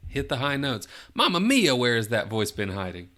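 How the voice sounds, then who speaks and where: A man's voice: on the low side, brisk, a bit bright. A man hosting a casual movie podcast, running a guessing game and giving playful hints with frequent laughter. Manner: jokey, gives playful hints, laughs often. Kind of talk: casual chat.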